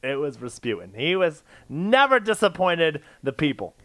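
A man's voice: fairly high pitch, very animated, moderate pace, a bit bright. A man co-hosting a podcast, chiming in with giggly exclamations. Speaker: podcast co-host. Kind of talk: casual comedic chat.

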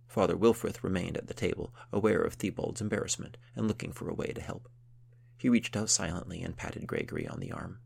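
A man narrating a historical novel in a steady, measured storytelling manner. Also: deep voice, creaky, slightly rough.

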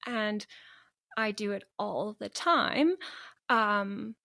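A woman in an open, candid conversation who laughs often and keeps restarting her sentences. Her voice sits at a medium pitch and sounds close and dry, with no room sound around it. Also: very slow, gravelly, pushed and bright, no room sound. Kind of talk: casual conversation.

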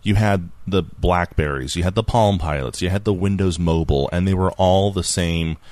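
Deep-voiced man hosting a podcast. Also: moderate pace, darkish tone, dry recording. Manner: chatty, laughs easily, reads listener feedback. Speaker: podcast host. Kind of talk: casual podcast chat.

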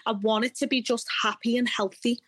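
A woman's voice: a little high, steady tone, brisk, a bit bright. A woman, a guest in a casual interview, talking in an upbeat, chatty way and laughing often. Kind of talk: casual chat.

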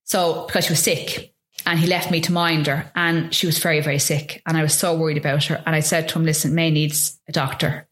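A low-pitched woman from Ireland telling her story as an interview guest. She speaks earnestly and haltingly, restarting phrases and acting out past conversations as she goes. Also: level tone, a bit bright, echoey room. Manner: earnest and halting, with frequent restarts and re-enacted dialogue. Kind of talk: recounting a personal ordeal in an interview.

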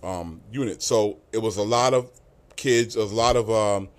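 A middle-aged man from New York settles in as the guest of an easygoing interview. His voice sits on the low side. He spins stories in loose, slangy talk and laughs often along the way. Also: a little slow. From New York, USA. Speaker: guest, music industry A&R. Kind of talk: casual storytelling interview.

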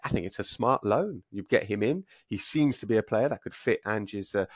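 A football podcast co-host with a lowish male voice, recorded dry and close. He tells stories with energy, circling back with "uh" and restarts as he goes. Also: moderate pace, no echo. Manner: lively storytelling, frequent "uh" and restarts. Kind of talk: casual football podcast chat.

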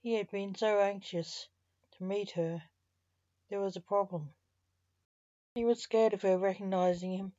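A woman reading a story aloud in measured, soft-spoken narration, in a muffled lo-fi recording. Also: medium pitch, steady tone, dry recording.

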